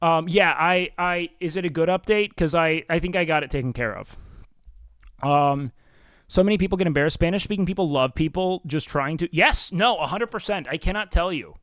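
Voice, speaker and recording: A man's voice: a little high, fairly quick, a bit bright, dry recording, clean studio sound. A man hosting a livestream, chatting casually and reading chat in a blunt, profane, self-mocking way. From Mexican and Salvadoran heritage. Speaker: livestream host.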